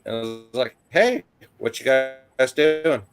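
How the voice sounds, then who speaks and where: A man's voice: medium pitch, lively intonation, slow pace, soft background music. A middle-aged man in casual chat, telling a short anecdote and reading out questions in an easygoing way.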